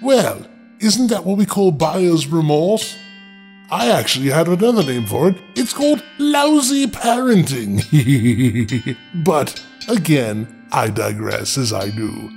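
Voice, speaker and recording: A man's voice: fairly high pitch, big pitch swings, unhurried, vocal fry, a little mellow, faint music behind. A man reading a fairy tale aloud as host, breaking in with sarcastic comic asides. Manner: sarcastic, joking interruptions. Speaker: storyteller host.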